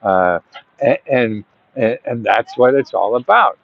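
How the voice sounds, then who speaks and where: A man's voice: mid-range voice, a little slow, vocal fry. A man hosting and giving grant advice in casual talk to the camera, rambling and chatty, with bursts of emphatic urging. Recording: dull, dry lo-fi audio.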